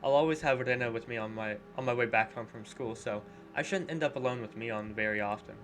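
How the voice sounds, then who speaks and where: A man reading a visual novel aloud in a plain, measured way, voicing a cautious teenage boy and his narration. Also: mid-range voice, fairly bright tone, natural voice. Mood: wary.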